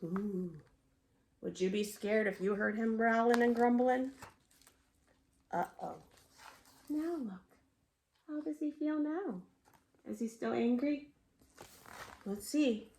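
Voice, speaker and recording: A woman reading a picture book aloud as a bedtime story, expressive and sing-song, pausing to ask the children questions. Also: a little high, a little hiss or hum.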